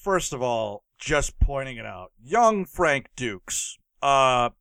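Podcast co-host, man, bright crisp voice, dry close sound, jokey and quick to laugh. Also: mid-range voice, sing-song, dry recording. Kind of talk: casual movie-review chat.

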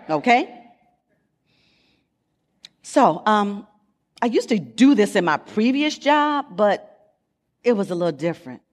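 A woman in her fifties, a guest speaker at church, telling an animated personal testimony with dramatic pauses. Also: on the high side, creaky, long reverb tail. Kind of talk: sermon testimony. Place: church sanctuary.

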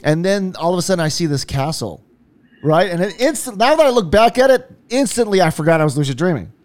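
A man's voice: high-pitched, expressive, fast talker, a little mellow. A man in casual conversation, telling stories animatedly, acting out his own quotes and swearing freely.

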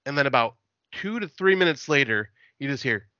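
A laid-back man chats as a podcast guest, spinning loose stories full of swearing and quick laughs. His voice is bright and forward. The sound is dry, with a slightly dull, muffled call quality. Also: medium pitch, lively intonation, dry recording. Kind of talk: casual podcast chat.

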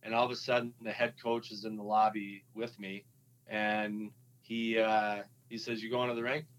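In a low-quality recording, a former hockey player with a lowish voice and a Minnesotan accent shares his story during a relaxed interview. His delivery is halting, marked by plenty of fillers and restarts.

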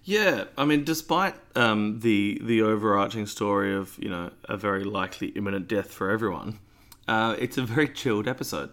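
A man's voice: lowish voice, moderate pace, fairly bright tone. A man co-hosting a podcast in laid-back casual chat, dropping dry quips. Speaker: podcast co-host.

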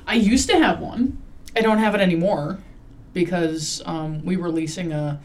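A woman's voice: fairly low pitch, normal speed, darkish tone, a little hiss or hum. Wry, rambling woman with a Midwestern lilt. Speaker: podcast host. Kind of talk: casual chat.

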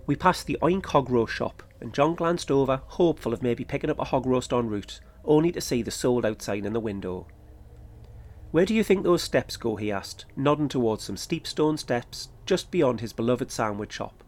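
Male podcast host reading a first-person account, even and matter-of-fact, mid voice. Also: mid-range voice, normal speed, hardly any pauses. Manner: steady, matter-of-fact storytelling. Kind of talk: scripted first-person narration.

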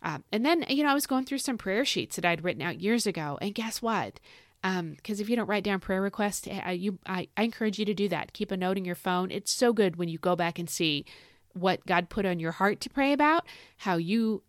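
A woman's voice: medium pitch, lively intonation, a little fast, no room sound, clean studio sound. A middle-aged woman hosting a faith podcast, chatting casually and rambling with frequent restarts. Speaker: podcast host. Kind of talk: casual devotional podcast talk. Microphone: podcast microphone.

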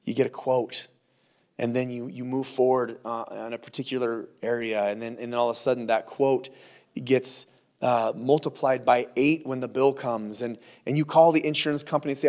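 A pastor preaches through a Bible chapter in an easygoing, conversational way. His voice sits at an ordinary male pitch, and he livens his points with mock quotes and playful asides. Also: steady tone, moderate pace. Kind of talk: verse-by-verse sermon.

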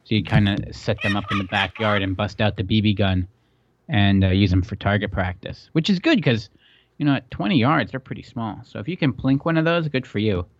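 A man's voice: fairly low pitch, expressive, brisk, no echo. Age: adult. Sex: man. Style: casual podcast chat. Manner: rambling, self-deprecating. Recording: dry and a bit dull. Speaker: podcast co-host.

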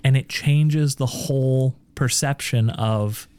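A man's voice: medium pitch, takes it slowly, mellow, clear, resonant tone, dry recording. A man co-hosting a podcast in casual chat, emphatic and building his points through rhetorical questions. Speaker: podcast co-host.

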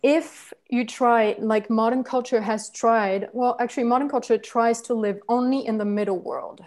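A workshop facilitator teaches about personal growth in a slightly high, steady voice with a darkish tone and moderate pace. She's earnest, searching for words, with fillers and restarts along the way.

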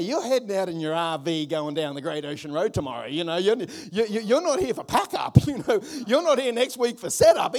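A male pastor with an Australian accent preaching a sermon in a church, emphatic and repeating refrains, with joking asides. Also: high-pitched. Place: church auditorium.

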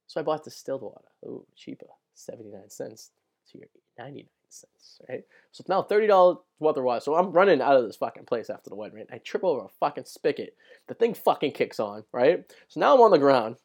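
A man's voice: on the high side, sing-song, fast. A young man hosting his own show, telling a long story in a casual, rambling way, full of swearing and "right?". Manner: rambling, profane, fills with "right?" and "like". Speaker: podcast host.

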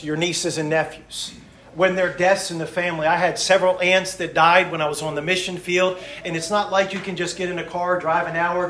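A middle-aged man, a missionary preacher, delivering a sermon in emphatic rhythmic lists that swing from loud to hushed. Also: on the high side, echoey room, a little hiss or hum.

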